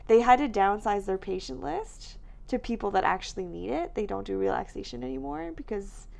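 A woman's voice: medium pitch, animated, fairly quick, vocal fry, darkish tone. A young woman co-hosting a podcast, chatting casually with lots of filler words, tired and yawning from recording late. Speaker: podcast co-host. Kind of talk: casual chat.

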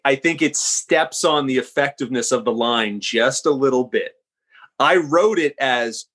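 A screenwriter guesting on a podcast chats casually in a medium-pitched, slightly bright voice. He's reflective and self-deprecating, with hesitant fillers.

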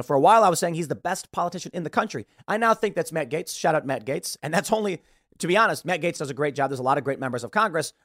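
A man's voice: on the high side, dry recording, studio quality. A man hosting a show, giving blunt, opinionated political commentary and mimicking the people he talks about. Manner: blunt, animated, mimics others mid-rant. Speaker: show host.

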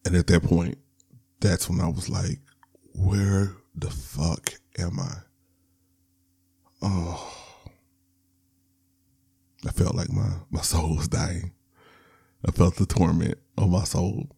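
A man's voice: deep voice, flat delivery, slow, gravelly, pauses often, dark tone, husky. A man hosting a podcast, telling a personal story in a candid, rambling way. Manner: candid, rambling, with laughs and restarts. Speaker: podcast host.

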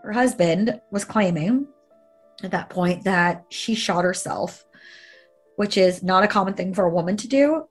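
A woman speaks earnestly as she recounts an emotional personal story to an interviewer. Her pitch sits in the middle range, and her delivery is conversational, full of fillers and small restarts. Soft music plays faintly underneath her voice. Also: unhurried.

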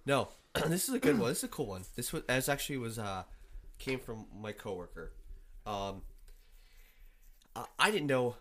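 A man's voice: medium pitch, very animated, normal speed, pauses often, fairly bright tone. A man holds forth on a history topic in an informal podcast. He talks bluntly with firm opinions, sometimes stumbling over his words. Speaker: podcast co-host. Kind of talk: casual chat.

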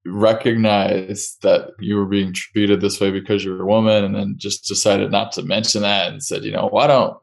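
A man hosting an interview, responding in a reflective, measured way. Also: on the low side, level tone, vocal fry. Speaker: interview host. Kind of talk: casual interview.

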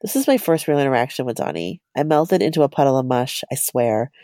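A woman's voice: rumbling low, lively intonation, fast talker, mellow, dry recording. A woman co-hosting a podcast, reading a personal story aloud in a chatty, giggly way.

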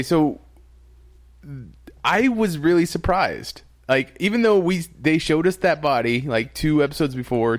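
A relaxed, talkative man hosts a podcast, chatting about a TV episode. He laughs easily and often trails off and starts again. His voice is recorded close and dry, with no room sound. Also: mid-range voice, no room sound. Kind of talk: casual chat reviewing a TV episode.

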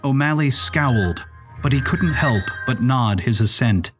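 A man narrating a story in a measured, expressive read. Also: medium pitch, music in the background.

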